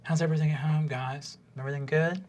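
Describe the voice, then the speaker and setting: A man voicing an earnest, soft-spoken small gnome counselor in a tabletop game, asking gentle questions. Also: on the high side, fairly even intonation, fast talker, slight background noise, close to an everyday voice.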